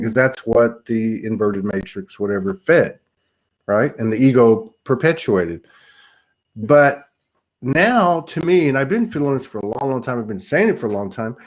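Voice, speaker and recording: A man hosts a spiritual talk show and speaks in a reflective, loose way, with a mild curse slipped in here and there. His voice sits at an ordinary middle pitch for a man. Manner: reflective, casual, swears lightly. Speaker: host.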